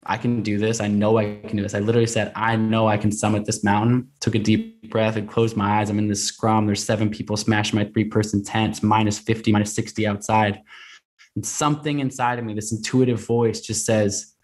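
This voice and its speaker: A man's voice: on the low side, flat delivery, brisk, darkish tone. A man in his thirties, a guest on a podcast, telling a long story in an earnest, rambling way full of restarts and "like" and "man".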